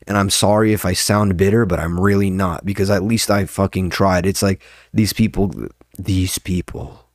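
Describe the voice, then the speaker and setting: Young man, very low voice, rambling profane rant, dry close sound. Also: fairly even intonation, normal speed, no echo. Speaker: podcast host, open mic comedian. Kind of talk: casual monologue.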